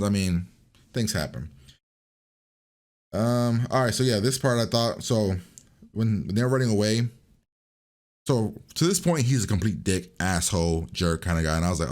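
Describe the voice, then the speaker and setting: A man's voice: lowish voice, normal speed, long pauses, a little mellow. A man casually recapping a TV episode in a rambling, chatty way, with lots of fillers and restarts. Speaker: reaction video host.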